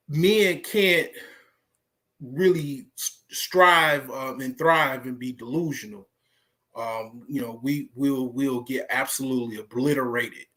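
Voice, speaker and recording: A man's voice: medium pitch, a bit bright. An American man talking in a casual, rambling monologue, full of fillers and profanity. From United States. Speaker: vlogger.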